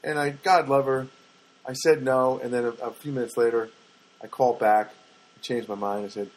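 A man's voice: mid-range voice, steady tone, normal speed. An older man hosting a casual solo podcast, telling rambling everyday anecdotes with wry asides and frequent self-corrections. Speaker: podcast host.

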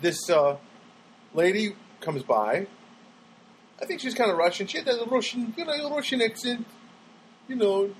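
A man's voice: high-pitched, lively intonation, moderate pace, pauses often, rough recording. Guy rambling and stammering thru a comic story at home, faint background hum.

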